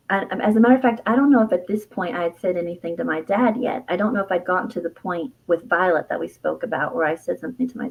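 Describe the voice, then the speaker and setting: A woman's voice: medium pitch, creaky, a little mellow, slightly rough, poor audio. A middle-aged woman, an herbalist and author, telling a personal story as an interview guest in an earnest, heartfelt way, laughing often and restarting her sentences. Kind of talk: candid personal storytelling in conversation.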